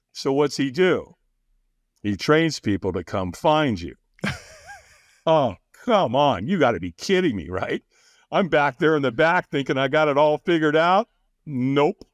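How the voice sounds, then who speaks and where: A man's voice: fairly high pitch, no echo, clean studio sound. A man talking as a podcast guest, telling a story with energy, laughing often and acting out what other people said. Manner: animated, acts out quoted voices, laughs often. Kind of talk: storytelling in a conversation.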